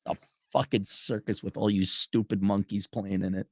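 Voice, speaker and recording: A man's voice: on the low side, little pitch movement, moderate pace, no echo, studio quality. A man hosting a commentary stream, ranting in a profane, sarcastic way and mocking people in put-on voices. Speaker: commentary show host. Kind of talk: livestream rant commentary.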